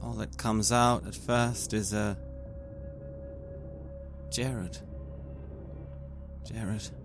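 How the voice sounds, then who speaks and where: A man playing his character in a tabletop horror game, speaking in a weak, strained, halting way. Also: fairly low pitch, little pitch movement, vocal fry, music in the background. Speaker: player.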